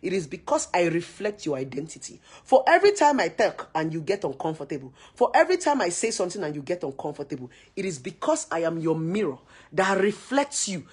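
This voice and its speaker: A Nigerian woman with a Nigerian accent giving a forceful, preachy to-camera rant full of repeated rhetorical questions. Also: lowish voice, very animated, brisk, husky. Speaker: social media commentator.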